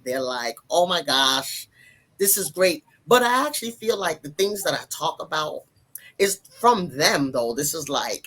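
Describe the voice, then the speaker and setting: Animated middle-aged woman guest. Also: deep voice, husky. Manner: animated storyteller acting out family quotes. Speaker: guest counselor and author. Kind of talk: casual interview chat.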